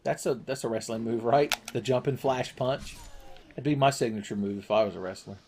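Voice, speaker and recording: A man's voice: fairly low pitch, quick pace, a little mellow. A man commentating his video game play with crude, sarcastic jokes. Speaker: gaming channel host.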